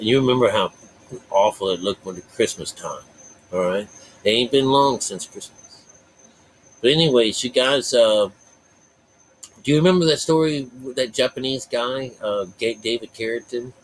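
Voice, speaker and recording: A man's voice: medium pitch, normal speed, slight background noise, poor audio. A man giving a rambling, folksy spiritual talk to his viewers, full of fillers and asides. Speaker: spiritual vlogger.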